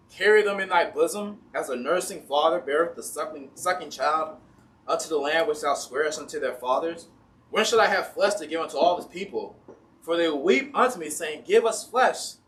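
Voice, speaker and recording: A man with a fairly high voice preaches in a church with an Ohio accent, slipping into plain everyday voices for the complaining crowd and for God. He sits a little back from the microphone, so the room comes through around his words. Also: fairly bright tone, far from the mic. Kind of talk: sermon. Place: church sanctuary.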